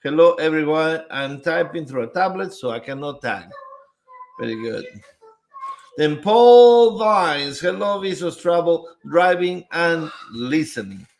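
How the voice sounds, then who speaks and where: A man's voice: on the high side, lively intonation, normal speed. A man hosting a live stream in a casual chat style, greeting viewers one by one and reading out their comments. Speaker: livestream host.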